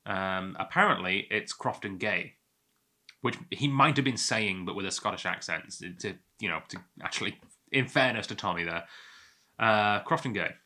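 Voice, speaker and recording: A man's voice: fairly low pitch, moderate pace, pushed and bright. A man hosting a whisky tasting, chatting in a rambling, self-amused way as he sips and talks to the camera. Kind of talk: casual tasting monologue.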